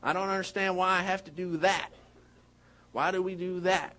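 A man preaching a sermon, animated and joking as he tells stories. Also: high-pitched, normal speed. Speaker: pastor.

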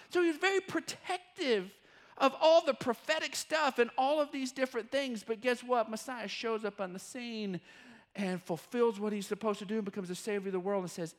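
Male pastor, very high voice, animated sermon, acts out voices. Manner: animated storytelling, acting out quoted voices. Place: church.

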